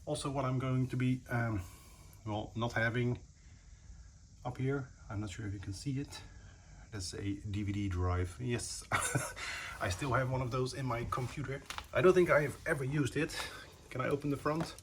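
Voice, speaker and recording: A man's voice: medium pitch, moderate pace, slight background noise. A man casually narrating his PC build while filming on a handheld phone, talking in a rambling, hesitant way with many fillers. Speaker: PC building vlogger. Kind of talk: casual self-filmed narration. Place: indoors at home, sitting on the floor.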